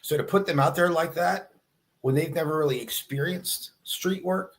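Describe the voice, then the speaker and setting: Male police officer guest, halting speech, lots of ums, even-tempered chat. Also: fairly high pitch. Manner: halting, lots of fillers, measured, sees both sides. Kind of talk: casual livestream chat.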